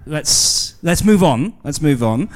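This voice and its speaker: A man hosting a live comedy podcast, halting and mock-bossy with many fillers. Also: a little high, big pitch swings.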